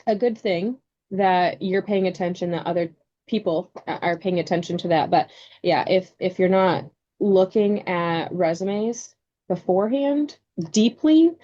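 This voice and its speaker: Chatty woman with a mellow, dull sound. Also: on the low side. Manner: chatty storyteller, quick asides. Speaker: co-host and career coach. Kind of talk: casual podcast chat.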